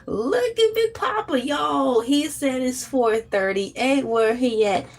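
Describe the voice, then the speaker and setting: A woman hosting a casual morning livestream chat, playful and animated, often jumping into high squeals. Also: slow pace. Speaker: livestream host.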